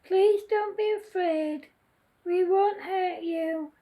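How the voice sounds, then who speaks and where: A woman voicing a kind father dolphin in a storybook reading, talking slowly and reassuringly to a frightened little one. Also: extremely high pitch, fairly even intonation, dark tone. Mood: soothing. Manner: soothing and reassuring.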